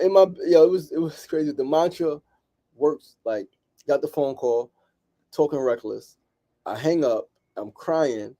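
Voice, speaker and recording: Emphatic New man hosting a podcast. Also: fairly high pitch. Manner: emphatic and repetitive, tags lines with "right?"; slangy, animated street talk. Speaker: podcast host. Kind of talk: motivational podcast monologue.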